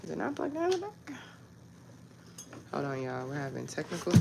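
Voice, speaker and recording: A woman's voice: low-pitched, wildly swooping pitch, normal speed, creaky, pauses often, noisy background. A woman hosting a casual livestream, chatting directly to her viewers in a talkative, frustrated way. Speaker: livestream host. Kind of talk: casual live chat with viewers.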